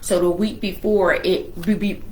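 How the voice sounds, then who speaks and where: A woman telling a personal family story in a casual, animated way, acting out the people she quotes and swearing freely. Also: mid-range voice, measured pace, reverberant, slight background noise, low-quality recording. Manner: swears freely, informal speech.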